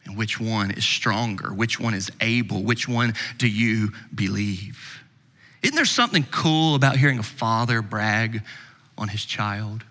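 A man preaching a sermon as pastor, swinging between loud emphasis and hushed asides. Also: fairly low pitch, a little slow, long reverb tail.

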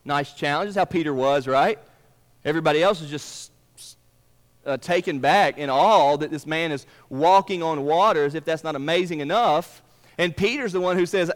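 A man's voice: fairly high pitch, a little fast. Man preaching in a reverberant church. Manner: dynamic preaching, swinging from emphatic to hushed. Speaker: pastor. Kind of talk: sermon. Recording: long reverb of a large room.

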